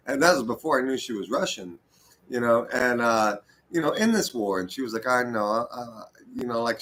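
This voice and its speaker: A man's voice: mid-range voice, a bit bright, rough recording. A man ranting to camera in a casual, heated, profanity-laced ramble. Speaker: vlogger.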